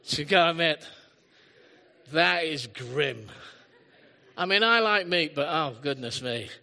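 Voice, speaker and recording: Bright-voiced pastor in a hall. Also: male voice, on the high side, animated, a little fast. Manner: chatty storytelling with asides and self-deprecating humor. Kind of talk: sermon. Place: church hall, live service. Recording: long hall reverb.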